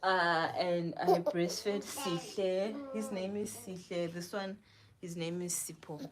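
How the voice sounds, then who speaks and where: A young mother of twins talking candidly and softly at home, with light laughs here and there. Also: lowish voice, steady tone, slow pace, crowd noise. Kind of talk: casual home vlog talk. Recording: home recording with audible background noise.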